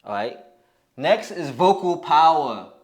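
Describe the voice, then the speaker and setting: A man's voice: a little high, sing-song, slow pace. A young man giving a blunt, profane motivational talk as a fitness coach, often restarting his sentences. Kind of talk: motivational monologue.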